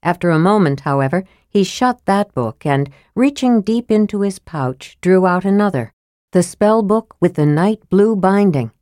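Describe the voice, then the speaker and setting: A woman narrating an audiobook in a steady, measured reading style. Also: mid-range voice, no echo, studio quality.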